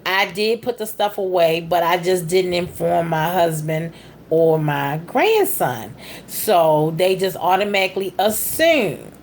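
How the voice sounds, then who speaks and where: A middle-aged woman telling a rambling story casually, with big jumps in pitch. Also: unhurried, a little hiss or hum. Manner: animated, with big pitch jumps on quoted speech; rambling, with frequent fillers and restarts. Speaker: vlogger.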